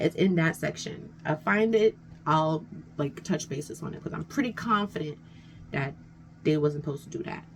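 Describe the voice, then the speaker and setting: A low-pitched, gravelly woman vlogger rambles through a casual storytime, conversational and often saying "you know what I'm saying." The recording is rough, with faint background noise.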